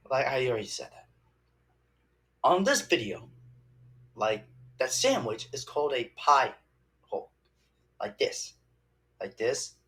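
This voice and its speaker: Young man, slow and halting, lively higher voice, casual rambling film review. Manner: rambling, halting, many restarts and fillers. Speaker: movie reviewer.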